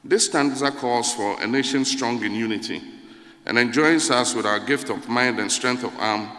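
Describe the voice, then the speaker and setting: A man giving a formal speech in a measured, solemn way. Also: mid-range voice, fairly bright tone. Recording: echoey hall reverb.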